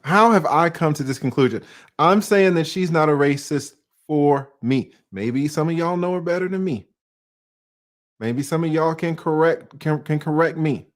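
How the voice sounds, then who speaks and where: An online commentator from Atlanta, a man in his forties with a Southern accent, speaks a little high at a normal speed. He chats casually with his audience in a monologue full of slang and rhetorical questions.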